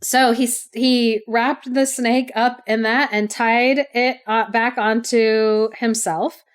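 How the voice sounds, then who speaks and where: Woman host retelling a folk tale, casual, playful, fairly high voice. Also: steady tone, slow, clean tone. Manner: chatty, playful asides. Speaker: podcast host and storyteller.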